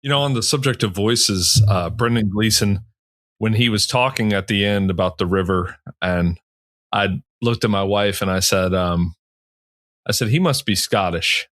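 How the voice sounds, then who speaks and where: A man co-hosting a casual podcast, with a fairly low voice. He tells a little anecdote and then asks follow-up questions in an easy, conversational way. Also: normal speed, fairly bright tone. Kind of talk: casual interview chat.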